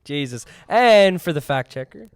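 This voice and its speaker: A young man co-hosting a podcast in casual chat, reacting with jokes and quick comments. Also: a little high, expressive, no echo. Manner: joking, reactive listener. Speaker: podcast co-host.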